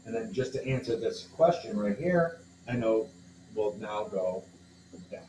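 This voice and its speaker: A man's voice: lowish voice, animated, measured pace, warm tone, a little hiss or hum. Man teaching a chemistry problem, echoey room. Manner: talks through steps aloud, checks in with listeners. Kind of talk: homework walkthrough lesson.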